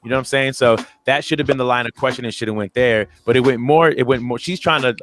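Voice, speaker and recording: A man's voice: quick pace, a little hiss or hum. A man co-hosting a podcast, telling a story casually and acting out the people in it with big jumps in his voice. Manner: animated retelling, acts out quoted voices with big pitch jumps. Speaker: podcast co-host.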